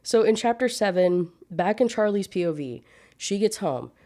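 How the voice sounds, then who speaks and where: A woman's voice: mid-range voice, animated, moderate pace, warm tone. A young woman reviewing a book in a casual rant, sarcastic and exasperated, swearing freely.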